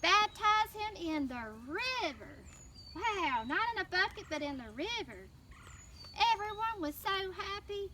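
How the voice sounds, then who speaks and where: A woman with a Southern US accent telling a children's story in church, animated and prompting the kids to answer. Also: very high voice, unhurried. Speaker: children's mission teacher. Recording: distant mic with faint noise.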